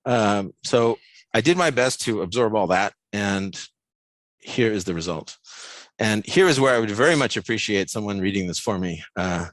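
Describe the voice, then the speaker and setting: An American man giving an academic seminar talk over a video call, relaxed and self-deprecating, with many fillers. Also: on the low side, normal speed, no echo. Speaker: guest lecturer.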